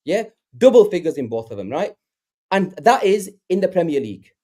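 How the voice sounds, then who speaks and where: A man's voice: high voice, a little fast. A man arguing heatedly about football on a fan podcast, repeating himself and pushing to finish his point. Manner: animated, argumentative, repeats himself, talks over others. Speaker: podcast panelist.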